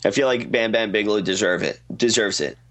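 A man's voice: on the low side, brisk, fairly bright tone. A young man co-hosting a casual podcast chat, eagerly offering hopes and suggestions, often starting with hesitant fillers. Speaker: podcast co-host.

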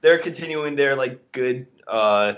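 A man co-hosting a casual podcast chat at a mid-range pitch. He rambles along, hedging and stopping with fillers as he works out his thoughts. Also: a little slow. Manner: rambling, hesitant with frequent fillers. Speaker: podcast co-host.

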